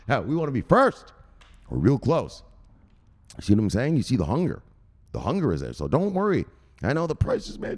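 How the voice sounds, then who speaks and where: A man hosting a crypto news show, excitable and profane, giving casual commentary and punctuating his points with a shouted "bang.". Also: mid-range voice, brisk.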